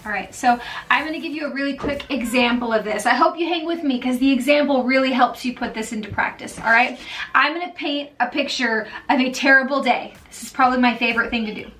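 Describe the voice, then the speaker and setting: A woman's voice: sits high, fast, fairly bright tone, distant mic, soft background music. A woman giving casual, encouraging vlog talk, chatty and often checking in with her listeners. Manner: chatty, checks in often with "okay?" and "all right?". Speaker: mom vlogger.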